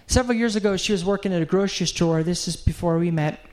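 A man's voice: high-pitched, fast talker, darkish tone, slight background noise. A middle-aged man preaching a sermon, telling a heartfelt story in an earnest way and closing in prayer.

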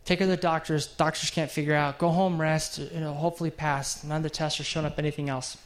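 A man's voice: fairly high pitch, level tone, quick pace. A middle-aged man preaching a sermon, telling a heartfelt story in an earnest way and closing in prayer.

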